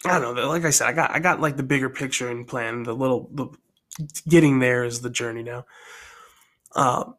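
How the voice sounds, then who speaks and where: A man casually telling his own story idea aloud, rambling and thinking out loud as he goes. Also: medium pitch, fairly even intonation, moderate pace.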